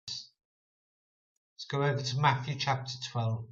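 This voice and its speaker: Male Bible teacher, mid-pitched, unhurried; casual explainer who sounds words out; muffled recording. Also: steady tone, a bit bright. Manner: repeats "okay" often, demonstrates pronunciation aloud. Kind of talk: casual explanatory talk to camera.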